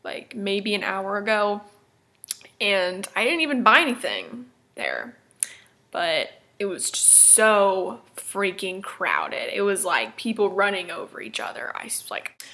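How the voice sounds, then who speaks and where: Bubbly young woman with a bright voice. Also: medium pitch, very animated, measured pace. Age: young adult. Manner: chatty, lots of "like" fillers. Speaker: fashion vlogger. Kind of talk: casual haul vlog.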